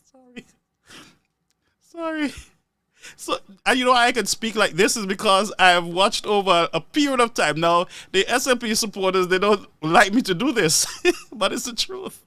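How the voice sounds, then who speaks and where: Speaking at normal speed in a high-pitched voice with no room sound, a man delivers animated live political commentary. He laughs frequently between phrases and repeats words to drive points home.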